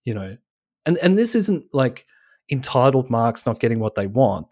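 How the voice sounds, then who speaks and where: A male podcast co-host in an excited, swearing rant. His voice swings through a wide, lively pitch range as he vents in loose, casual chat. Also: moderate pace. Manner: animated, ranting, swears freely.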